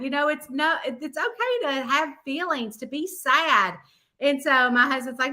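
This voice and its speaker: A woman's voice: sits high, animated, normal speed, bright, forceful tone. A middle-aged woman with a Southern US accent, casually chatting with her audience as host and telling a long story full of quoted voices. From American South. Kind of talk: casual chat.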